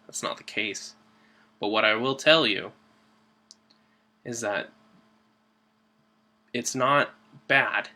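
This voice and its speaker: Man, church devotional host; bright, forward tone, earnest and conversational, leans on key words. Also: mid-range voice, takes it slowly, long pauses. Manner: earnest, conversational with fillers and restarts. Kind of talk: informal devotional talk.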